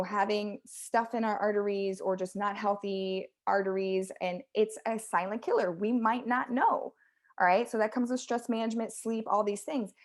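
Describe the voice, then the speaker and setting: A woman co-hosting a casual health podcast, talking emphatically as a fitness coach and acting out what people say. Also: medium pitch. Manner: animated, emphatic, acts out quotes. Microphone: close studio mic, audible breathing.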